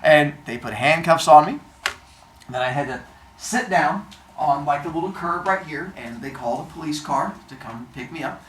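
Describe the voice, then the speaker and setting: A man telling a personal story in a casual way, acting out the other people's lines in an animated manner. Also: a little high, normal speed. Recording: roomy echo, faint noise.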